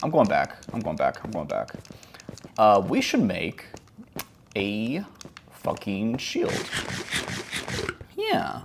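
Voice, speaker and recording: A man around thirty talks casually while he plays, his low voice rising and falling all over the place. He rambles and mocks himself, mumbling one moment and yelping the next. A faint hiss sits under the recording. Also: huge pitch swings, slow pace, vocal fry, pauses often. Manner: rambling, self-mocking, swings from mumbles to yelps. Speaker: gaming vlogger. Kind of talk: casual chat over gameplay.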